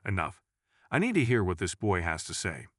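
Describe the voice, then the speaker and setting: A man's voice: low-pitched, huge pitch swings, normal speed, a bit bright, dry recording, clean studio sound, exaggerated voice. A man voicing a shaken, overwhelmed male judge who speaks tersely.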